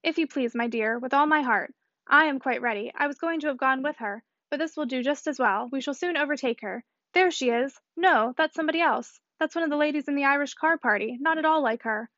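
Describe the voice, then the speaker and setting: A woman's voice: sits high, brisk, fairly bright tone, dry recording. A woman voicing a rambling, fussy old aunt. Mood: flustered. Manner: rambling, flustered chatter. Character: fussy talkative elderly aunt. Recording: slightly muffled dry recording.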